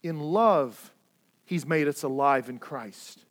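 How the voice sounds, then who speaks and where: Guy pastor giving a sermon, pretty high voice, earnest, stumbles over repeated words when he pushes a point. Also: takes it slowly.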